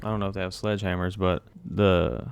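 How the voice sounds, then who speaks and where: Brief: young male host, low smooth voice, jokey announcer delivery. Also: steady tone, brisk, no room sound. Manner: mock-announcer, joking threats. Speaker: podcast host. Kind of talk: casual podcast chat.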